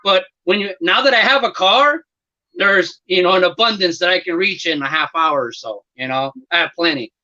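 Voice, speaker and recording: A man's voice: high voice, moderate pace, sharp tone, dull audio. A man chatting casually about collecting trading cards, rambling and laid-back with lots of fillers. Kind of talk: casual chat.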